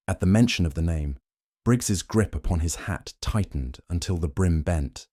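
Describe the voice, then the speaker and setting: A man giving formal, measured scripted narration of a period mystery. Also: low-pitched, expressive, mellow, no room sound, studio quality.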